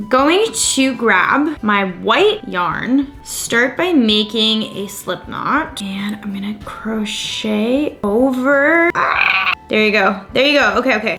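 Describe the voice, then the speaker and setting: A young woman vlogging at home as she crochets, chatty and excitable, talking to the camera on a stand. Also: on the high side. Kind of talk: casual talk-to-camera vlog.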